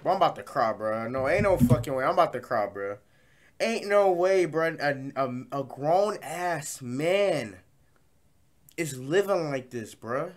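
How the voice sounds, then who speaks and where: A man hosting a reaction video, giving loud, incredulous, slang-heavy commentary and repeating "bro". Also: on the high side, expressive, measured pace. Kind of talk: profane comic reaction commentary.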